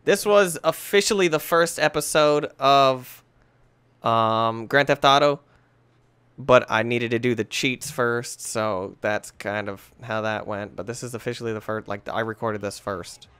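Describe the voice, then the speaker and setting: A man's voice: medium pitch, a little slow, clear, resonant tone, dry recording. A man giving casual, jokey commentary while playing a video game, chatting to himself about what he sees. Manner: animated and jokey, talking to himself. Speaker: gamer commentating a let's play.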